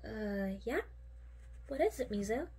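A woman's voice: a little high, expressive, unhurried, a little mellow, slightly rough, heavily acted. A woman reading a fan story aloud, voicing a shy, fragile teenage girl who speaks in a shaky, hesitant way. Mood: nervous.

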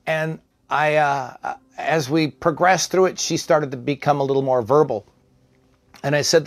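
A man who worked in psych care, telling a personal story in a conversational, halting way with fillers and restarts. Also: on the high side, dry recording. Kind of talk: personal anecdote told aloud.

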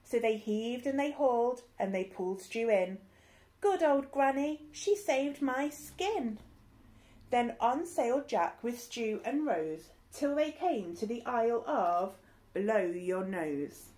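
Slow, lively woman reading a storybook. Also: on the high side. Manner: sing-song, rhythmic rhyming delivery with playful asides. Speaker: teacher reading a picture book aloud. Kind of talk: expressive storybook read-aloud.

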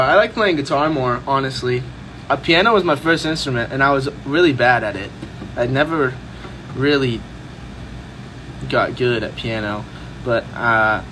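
A man's voice: medium pitch, noisy background. A young man hosting a casual livestream, chatting easily and answering fan questions. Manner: laid-back, chatty, sings snippets. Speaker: livestream host. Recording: music playing in the background.

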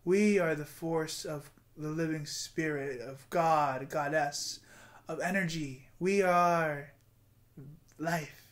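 A man's voice: on the high side, slow, fairly bright tone. A man in his twenties giving an earnest, rambling motivational vlog monologue with guided breathing and affirmations. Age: 20s. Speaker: vlogger.

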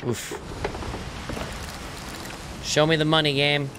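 A man streaming a video game, chatting casually with viewers and crew, relaxed and joking with plenty of swearing. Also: on the high side, slow pace, noisy background. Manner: laid-back, swearing, joking banter. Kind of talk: casual live-stream chat.

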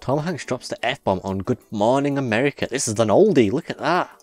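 A man's voice: medium pitch, lively intonation, a little fast, a little mellow, faint music behind. A man hosting a reaction video, commenting casually on clips, laughing often and swearing freely.

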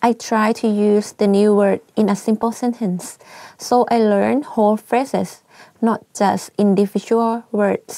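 A woman's voice: medium pitch, steady tone, normal speed, creaky, mellow, no room sound. A young woman from Thailand with a Thai accent, hosting a casual language lesson in a chatty, giggly way and switching between Thai and English. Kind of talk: casual teaching vlog.

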